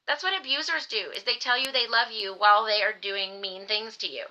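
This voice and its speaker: A middle-aged woman, a dietitian guest on a podcast, telling stories in a casual, animated way and acting out the voices she quotes. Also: fairly high pitch, highs cut off. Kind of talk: casual storytelling interview.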